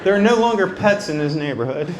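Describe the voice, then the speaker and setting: A male stand-up comedian telling wry stories about his family with deadpan asides on a nightclub stage. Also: high-pitched, fast talker, over a noisy crowd, very noisy. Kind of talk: stand-up routine. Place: nightclub stage before a live audience. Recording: live club with audience laughter.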